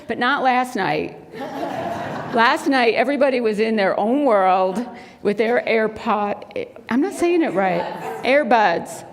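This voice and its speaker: A woman's voice: a little high, expressive, normal speed. Storytelling woman minister in a reverberant hall. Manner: storytelling, acts out quoted voices. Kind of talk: sermon. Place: spiritual center sanctuary.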